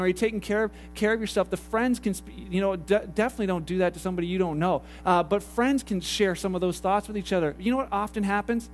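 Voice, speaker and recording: Middle-aged pastor from Canada with a high voice; chatty preaching with acted-out dialogue, faint hum. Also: male voice. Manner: conversational, repeats phrases, acts out dialogue. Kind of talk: sermon. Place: church hall.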